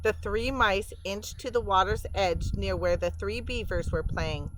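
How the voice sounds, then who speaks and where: A woman reading a storybook aloud to children, pausing to explain words and pictures in a gentle way. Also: mid-range voice, slight background noise, low-quality recording.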